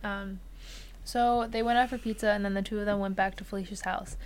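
A young woman walks through a crime story in a relaxed, chatty way, full of "like" and "uh" as she pieces the facts together. Her voice sits at an ordinary middle pitch. She sounds like a podcast co-host talking with a friend. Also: brisk. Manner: relaxed, filler-heavy telling with frequent "like" and "uh". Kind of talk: casual true crime storytelling.

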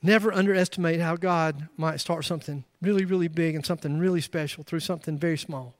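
A middle-aged man with a high-pitched voice preaches a sermon to his congregation. He talks emphatically, climbing into loud bursts and dropping in joking asides. His voice is picked up close and dry. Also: steady tone, quick pace, dry recording. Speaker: pastor.

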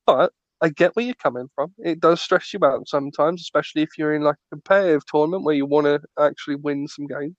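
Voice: mid-range voice, quick pace, hardly any pauses, dry recording. A podcast co-host in casual chat, ranting with stammering restarts. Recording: dull lo-fi dry recording.

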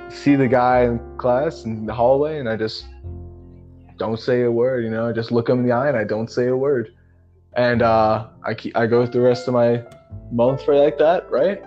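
A young man of average pitch chats through a podcast story. He is easygoing and swears freely, and "man" and "you know" pepper every sentence. The audio is slightly dull and lo-fi, with quiet music playing behind him. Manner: profane, laid-back storytelling, full of fillers like "man" and "you know". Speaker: podcast co-host. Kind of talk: casual storytelling chat.

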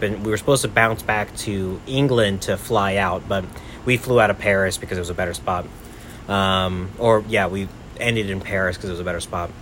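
A man's voice: lowish voice, fairly bright tone, a little hiss or hum. A young man and podcast host telling a travel story in a rambling casual way, full of "like" and "right?".

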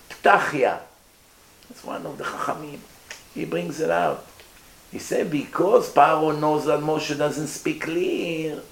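An animated rabbi with a slightly high, gravelly voice gives an informal Torah talk to a live group. He asks the listeners questions and acts out voices. The recording picks up an echoey room and faint noise.

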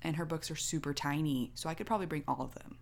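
A woman's voice: deep voice, fast, gravelly. A young woman in casual chat, talking in a chatty, giggly way with lots of filler words.

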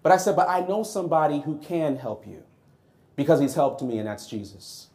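A man preaching a sermon, telling a personal story in a lively, conversational way and acting out his own reactions. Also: a little high, brisk.

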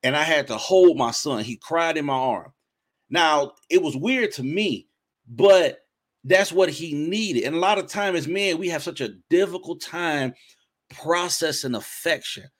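A man's voice: fairly high pitch, lively intonation, unhurried. A man in his forties hosting a faith interview, talking in an earnest, preacherly way and often repeating himself. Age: 40s. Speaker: interview host. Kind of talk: casual interview chat.

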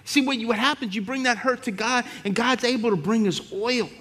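A middle-aged man preaching an animated sermon as pastor, building to shouts and calling out "come on" to the congregation. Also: very high voice, a little fast, breathy edge.

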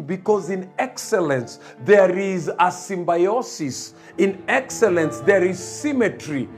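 A man's voice: high-pitched, lively intonation, takes it slowly, hardly any pauses, faint music behind. A man preaching a sermon, emphatic and repetitive, building his points.

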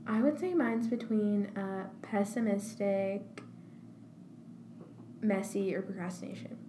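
A woman's voice: mid-range voice, slow pace. A young woman chatting casually and reading quiz options aloud with a rising lilt. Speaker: quiz co-host. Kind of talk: casual chat. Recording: roomy with faint noise.

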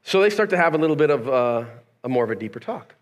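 Male pastor, sermon, fairly high voice, casual slang, rhetorical questions, storytelling. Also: big pitch swings, quick pace. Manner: conversational, acts out quoted dialogue.

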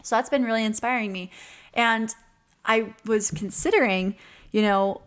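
Woman, twenties, podcast host, earnest, chatty, laughing, filler-heavy. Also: medium pitch. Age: 20s. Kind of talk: casual reflective monologue.

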